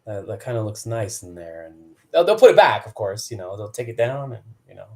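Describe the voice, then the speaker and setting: A man's voice: fairly low pitch, brisk, gravelly, dark tone. A man in his thirties, a wrestler guest, chatting casually on a video call and acting out quotes in shifting voices. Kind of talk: casual storytelling chat.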